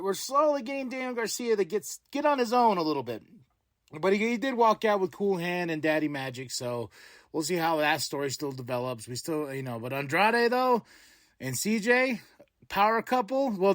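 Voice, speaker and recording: A male podcast host with a fairly high voice, talking through a wrestling show in a loose, excitable way. He chuckles often and breaks into playful wrestler impressions. The sound is close and dry, with no room around it. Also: no echo. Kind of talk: casual wrestling recap.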